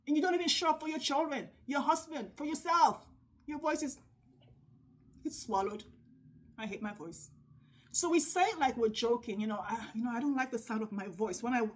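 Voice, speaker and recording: A middle-aged woman giving an earnest, faith-based motivational talk as a sales coach, speaking emphatically with dramatic pauses like a preacher. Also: high voice.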